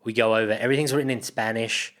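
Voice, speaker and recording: Young male comic, mid-pitched, swears freely, laughs through a rambling travel yarn. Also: rapid-fire. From Australia. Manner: profane, laughing, animated retelling. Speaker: guest comedian. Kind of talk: casual storytelling.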